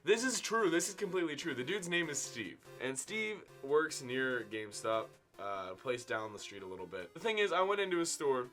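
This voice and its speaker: A man in his twenties tells a casual story-time tale to his viewers, with big swings in loudness and pitch. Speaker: vlogger telling a story. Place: indoor room at home.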